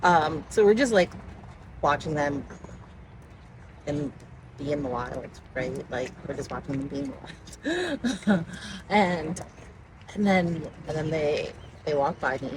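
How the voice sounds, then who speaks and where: Outdoors near water, a woman casually tells a rambling story, giggling and getting distracted often. Her voice is low and animated, her pace unhurried with frequent pauses, and the recording is noisy.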